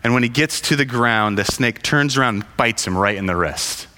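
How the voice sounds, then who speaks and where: A man telling a parable in casual storytelling, halting with frequent fillers and restarts. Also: medium pitch, pushed and bright. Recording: long hall reverb.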